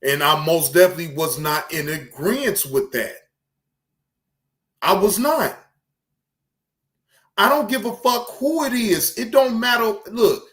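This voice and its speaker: A man's voice: high voice, fairly bright tone. A man hosting a reaction show, giving earnest, emphatic casual commentary to his viewers.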